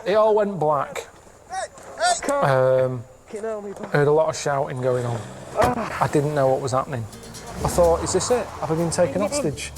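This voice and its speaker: Deadpan man in his thirties. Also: a little high, unhurried, pauses often, loud music behind the voice. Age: 30s. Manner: deadpan, plainspoken, rambling. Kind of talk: deadpan anecdote in a TV interview.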